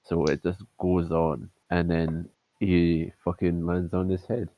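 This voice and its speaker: A man's voice: low voice, flat delivery, takes it slowly, narrow, tinny audio. A Scottish man co-hosting a casual podcast over voice chat, rambling and swearing as he jokes. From Scotland. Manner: rambling, profane, joking. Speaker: podcast co-host. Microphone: headset over voice chat.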